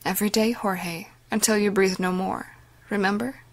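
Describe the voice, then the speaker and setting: A woman's voice: medium pitch, normal speed, fairly bright tone, close to an everyday voice. A woman voicing a vicious one-eyed female arms dealer who screams and then threatens coldly. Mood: cold menace. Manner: screaming, snarling, then cold menace.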